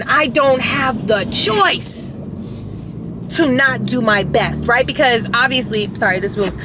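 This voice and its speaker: A woman's voice: on the high side, takes it slowly, background noise. A woman vlogger telling a storytime in casual chat, rambling with many fillers and restarts, candid and emotional, now and then profane.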